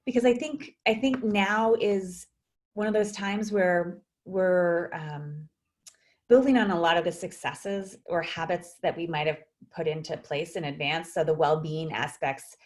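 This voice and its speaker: A woman psychologist, a guest in a video interview, speaking thoughtfully with frequent fillers and restarts. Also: fairly low pitch.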